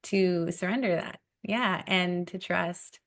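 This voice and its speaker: A woman hosting a faith and parenting conversation, speaking gently and reflectively with soft laughs. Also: fairly low pitch, takes it slowly. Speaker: podcast host, parent. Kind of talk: casual conversation.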